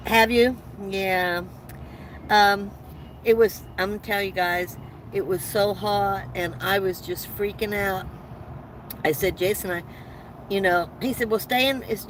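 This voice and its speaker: Speaking at a medium pitch, a woman livestreams from her van, chatting casually and telling meandering stories full of restarts and laughter. The audio is poor, with a slight background noise.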